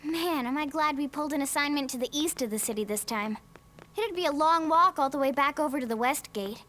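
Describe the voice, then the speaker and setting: An actor playing an eager, brash young squad member who is itching for action. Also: male voice, very high voice, brisk, sharp tone. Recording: game audio with faint music.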